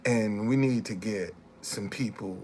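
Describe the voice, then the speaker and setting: A man's voice: lowish voice, unhurried, a little hiss or hum. A man, ranting on a casual live stream, repeating himself and heckling commenters. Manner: repeats phrases, heckles chat commenters, laughs loudly.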